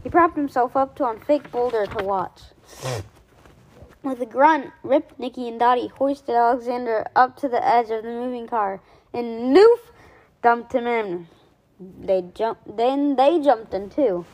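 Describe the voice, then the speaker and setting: A woman reading a children's chapter book aloud in a lively way, doing voices for the characters. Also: a little high, unhurried, a little hiss or hum, poor audio. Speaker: reader.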